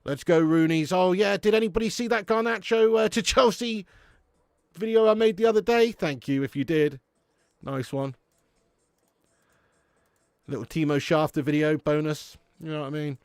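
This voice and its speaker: A man with a southern English accent chats with his live chat, full of slangy banter and laughter. His voice sits a little high, and the recording is close and dry. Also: normal speed, vocal fry, long pauses, darkish tone, dry recording. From Dorset, England. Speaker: live stream host. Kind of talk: casual watch-along chat reading live chat.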